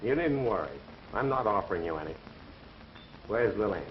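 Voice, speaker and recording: A man's voice: lowish voice, expressive, moderate pace, a little hiss or hum, close to an everyday voice. Actor as a breezy, wisecracking newspaperman, lo-fi old film sound. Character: wisecracking young male college reporter. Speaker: newspaper reporter. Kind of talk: 1930s film acting.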